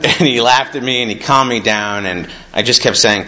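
Young guy sharing at a meeting, really low voice but bright and forceful, reads bits out then chats about them. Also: normal speed, low-quality recording. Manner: earnest and conversational, reads passages aloud then reflects. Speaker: recovery meeting speaker. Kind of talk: personal share reading from a recovery book.

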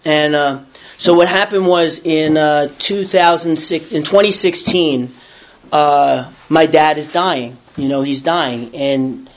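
A man's voice: fairly high pitch, slow pace. A middle-aged man telling a personal story in a casual, rambling way, with many restarts and self-corrections. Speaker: storyteller sharing a recovery story.

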